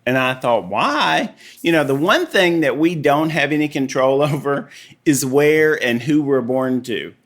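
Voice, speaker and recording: A man with a Tennessee Southern accent chats as a podcast guest, easing through stories with plenty of you-knows. His voice sits at an ordinary middle pitch for a man. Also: moderate pace. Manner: relaxed storyteller, many you-knows. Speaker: artist and guest. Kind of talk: casual interview chat.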